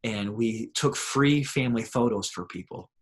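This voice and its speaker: Animated male pastor telling stories. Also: medium pitch, normal speed. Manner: animated storyteller, acts out voices in his anecdotes. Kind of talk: conversational storytelling.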